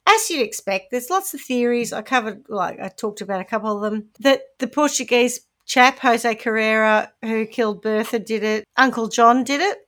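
A woman's voice: a little high, normal speed, hardly any pauses. Chatty Kiwi woman telling a story. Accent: New Zealand. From New Zealand. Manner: animated storytelling, chatty and wry. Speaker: podcast co-host presenting the case. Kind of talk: casual chat.

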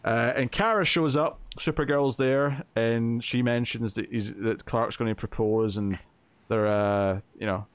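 A man's voice: medium pitch, steady tone, unhurried, clean tone, dry recording. A man co-hosting a podcast, casually recapping a comic book plot with lots of fillers and quoted lines. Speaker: podcast co-host.

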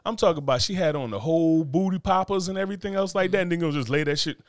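A man's voice: on the high side, very fast, dry recording, studio quality. A young man co-hosting a podcast, chatting casually and acting out quotes in mock voices. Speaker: podcast co-host. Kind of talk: casual comedic chat.

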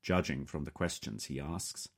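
A man reading a first-person story in a calm, measured way. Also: very deep voice, vocal fry. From England. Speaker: audiobook narrator. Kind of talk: scripted first-person narration.

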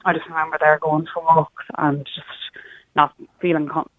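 A woman's voice: low voice, level tone, normal speed, no echo. A young woman from Sligo with an Irish accent, a radio guest telling a personal story in an earnest, matter-of-fact way. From Ireland, Sligo. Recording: tinny phone line.

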